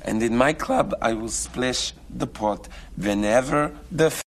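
An actor playing a Russian poker club boss, with a thick Russian accent and heavy, overdone softened consonants. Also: male voice, medium pitch, measured pace, natural voice. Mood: menacing. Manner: heavy, overdone palatalized speech. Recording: noisy film soundtrack.

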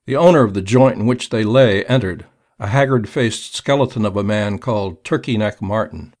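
A man reading a crime story aloud in a measured storytelling manner. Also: lowish voice, a little mellow. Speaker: narrator. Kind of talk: audiobook narration.

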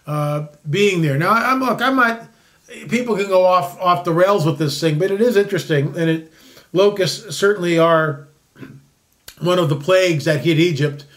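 A man's voice: high voice, normal speed, fairly bright tone. A man in his sixties hosting a solo commentary show, rambling and sarcastic with frequent restarts. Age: 60s.

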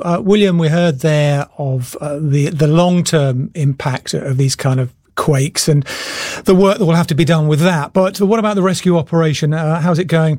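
A man presenting broadcast news, measured and formal as he introduces guests and asks questions. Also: a little high, a little mellow, dry recording, studio quality.

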